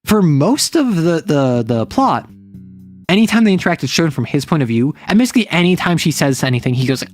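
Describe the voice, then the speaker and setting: A woman streamer in casual chat, rambling along with plenty of fillers. She slips into quick acted snippets of the people she quotes, and soft music plays faintly behind her voice. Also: low-pitched, animated. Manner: rambling, filler-heavy, acts out quoted lines. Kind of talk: casual chat about romance stories.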